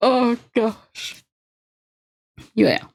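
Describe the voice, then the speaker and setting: A woman's voice: high voice, darkish tone. A young woman livestreaming, chatting casually and self-deprecatingly while she draws, laughing often. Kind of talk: casual chat while drawing.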